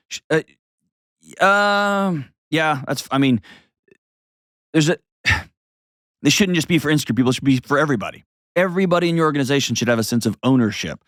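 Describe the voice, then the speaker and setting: A man's voice: mid-range voice, no echo, clean studio sound. A middle-aged man hosting an advice show, blunt and emphatic, driving his points home with short repeated commands. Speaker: show host. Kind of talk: opinionated advice commentary.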